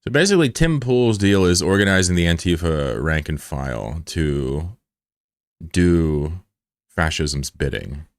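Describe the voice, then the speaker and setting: A man's voice: low-pitched, lively intonation, unhurried, no echo, clean studio sound. A man streaming live, chatting casually with his viewers, joking and swearing as he banters with chat.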